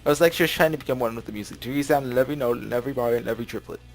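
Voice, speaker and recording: Guy reading a visual novel out loud, chatty, keeps tripping on words, game music faint behind. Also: mid-range voice, rapid-fire. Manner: chatty, laughs often, stumbles over words. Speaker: let's play host. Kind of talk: reading a visual novel aloud with casual asides. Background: game music playing.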